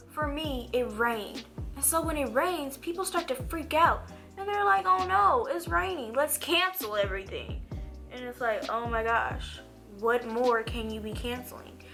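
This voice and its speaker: A young woman talks through a makeup routine in a loose, chatty way, drifting into animated rants. Her voice sits high and sounds bright and sharp. Faint music plays beneath her. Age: young adult. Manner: animated, rambling, swoops high when ranting. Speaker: beauty vlogger. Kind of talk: chatty makeup tutorial with storytelling.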